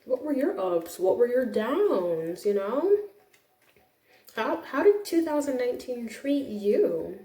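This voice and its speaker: Mellow-voiced woman in an echoey room. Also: a little high, very animated, slow pace, far from the mic. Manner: chatty and gushing, with frequent restarts. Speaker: school computer teacher. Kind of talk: casual vlog chat.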